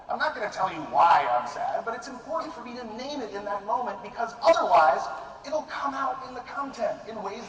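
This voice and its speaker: Man, casual talk to an audience, very expressive pitch, distant mic, noisy room behind. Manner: animated, conversational, self-deprecating. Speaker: speaker addressing a live audience. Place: large room with a live audience. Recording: echoey hall, mic far off, noisy room ambience.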